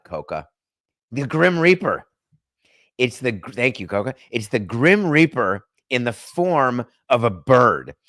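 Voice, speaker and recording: A man hosts a solo sports podcast, delivering a chatty, wry monologue that wanders from topic to topic, his pitch suddenly lifting for emphasis. His voice is a bit bright, and the studio-quality recording has no echo.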